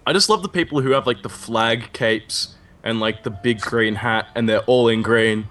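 A man's voice: mid-range voice, moderate pace, a bit bright. A man in casual podcast banter, telling rambling stories with jokey asides. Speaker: podcast co-host. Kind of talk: casual chat.

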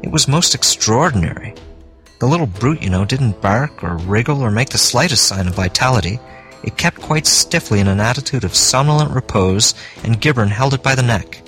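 A man narrating a classic story for an audiobook at a middling pitch. His delivery is measured and even-paced, with faint music playing softly behind him. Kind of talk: scripted narration.

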